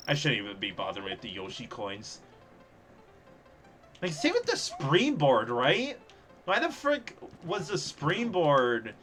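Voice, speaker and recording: A young man giving live, sarcastic gameplay commentary as he streams, reacting fast and laughing at his own mishaps. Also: a little high, huge pitch swings, fairly bright tone, soft background music. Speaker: streamer playing a level contest.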